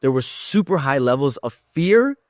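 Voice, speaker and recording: Male guest, mid-pitched, earnest, restarts often, dry studio sound. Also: very animated, moderate pace, no echo. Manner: earnest, thoughtful, with frequent restarts. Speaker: podcast guest, educator. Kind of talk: conversational interview.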